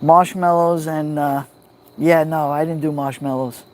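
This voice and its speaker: A man with a New York accent hosting a relaxed livestream from a backyard fire pit at night, greeting viewers by name on a phone. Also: a little high, a little slow. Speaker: livestream host. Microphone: phone held near the fire.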